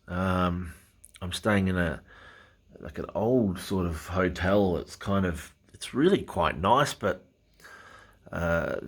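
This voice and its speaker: A man's voice: low voice, a bit bright, husky. A middle-aged Australian man talking casually in a rambling travel diary, chatty and blunt, with the odd swear. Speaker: travel vlogger.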